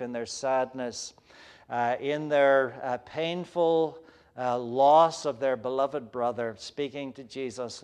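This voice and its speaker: A man preaching a sermon in an earnest, searching way, often pausing and hesitating. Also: medium pitch, clean tone.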